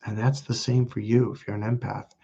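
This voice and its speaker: A man's voice: medium pitch, flat delivery, a little fast, vocal fry, dark tone, breathy edge, dull audio. A man in his fifties, a self-help coach, talking in a rambling, emphatic off-the-cuff monologue with frequent restarts. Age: 50s. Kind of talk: casual off-the-cuff monologue to camera.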